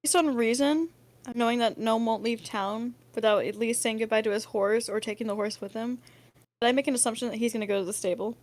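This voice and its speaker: A woman playing in a tabletop game, chatty and quick to react. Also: on the high side. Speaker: player. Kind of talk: casual tabletop game chat.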